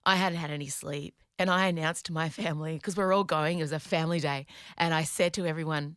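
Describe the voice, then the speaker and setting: A woman, hosting a podcast and retelling a story in an animated, dramatic way with some swearing. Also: deep voice, fast, no room sound, clean studio sound. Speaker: podcast host. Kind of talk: comedic storytelling.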